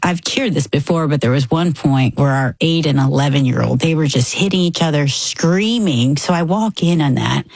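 Female co-host, animated storyteller, lowish husky voice, dry close recording. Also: normal speed, hardly any pauses, dry recording. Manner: animated storyteller, voices her children's lines. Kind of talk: storytelling in a podcast conversation.

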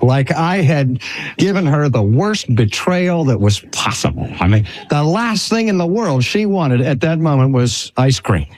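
An older man preaching a sermon in a slow, earnest way with drawn-out emphasis. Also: on the high side, very animated, darkish tone. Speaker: pastor.

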